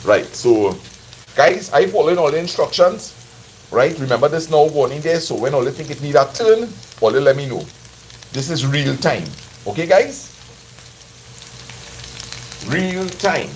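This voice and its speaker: A man's voice: fairly high pitch, expressive, a little slow, long pauses, slight background noise, rough recording. A man with a Trinidadian accent chatting and teasing live viewers as he cooks at his kitchen stove. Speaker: cooking vlogger streaming live. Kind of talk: casual chat to live viewers while cooking. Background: frying sizzle.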